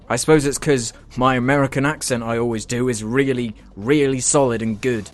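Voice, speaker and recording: British guy roasting comments, sarcastic and sweary, mid-pitched voice, bit of music faint underneath. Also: steady tone, a little fast, few pauses. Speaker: YouTuber reacting to comments. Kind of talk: sarcastic comment-reply rant.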